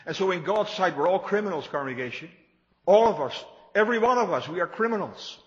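A man's voice: high-pitched, lively intonation, a little fast, long reverb tail, muffled recording. A man preaching a sermon to his congregation, emphatic and repetitive, building his points with rising emphasis. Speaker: pastor.

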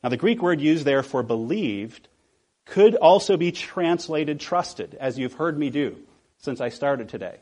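A male pastor delivering a sermon in a somewhat high, husky voice. He presses home his points with repeated rhetorical questions. He slows down deliberately to land the key words. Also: lively intonation, dark tone.

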